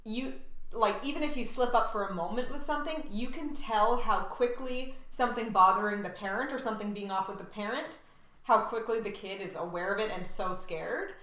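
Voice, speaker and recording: A woman's voice: mid-range voice, a little fast, fairly bright tone. A woman co-hosting a podcast in casual chat, telling stories in an earnest, reflective way. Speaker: podcast co-host. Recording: roomy room sound.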